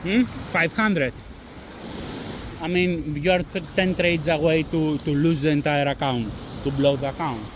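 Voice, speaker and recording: A man's voice: fairly high pitch, unhurried. A man with a non-native accent talking bluntly about trading risk, repeating himself and swearing, with faint wind noise behind. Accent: non-native English. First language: not English. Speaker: trading channel host. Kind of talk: casual talk to camera-less audience.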